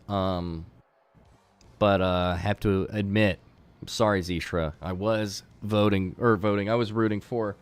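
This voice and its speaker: A man's voice: medium pitch, smooth, dry recording. A man hosting a game tournament on a live stream. He talks casually to his chat, rambling with fillers and restarts.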